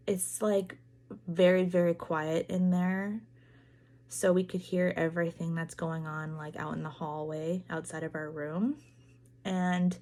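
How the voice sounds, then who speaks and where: A young adult woman telling a personal family story, halting and earnest, with frequent fillers like "like" and "um". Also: on the low side, a little mellow. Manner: earnest, halting retelling full of "like" and "um"; acts out others' lines in quoted dialogue.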